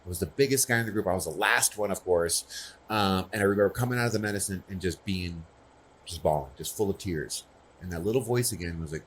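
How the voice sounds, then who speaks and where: Husky low-voiced man giving a talk. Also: fast. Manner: earnest, personal, often asks "right?". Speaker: conference speaker. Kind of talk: conversational conference talk.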